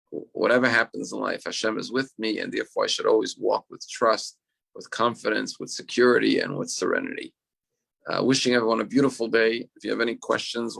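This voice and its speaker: A man's voice: fairly low pitch, vocal fry, a bit bright, husky. A man teaching as a rabbi in an online class, telling stories earnestly and repeating words as he restarts.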